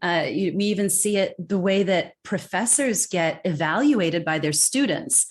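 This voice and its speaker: Emphatic American woman, lowish voice. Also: measured pace. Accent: General American. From California. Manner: emphatic, acts out quoted voices. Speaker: guest expert. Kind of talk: conversational interview.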